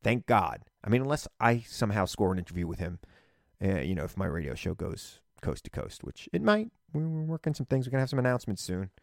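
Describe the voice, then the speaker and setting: A middle-aged man giving an animated, emphatic political monologue as a radio and TV commentator. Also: lowish voice, fast, gravelly, no echo, clean studio sound.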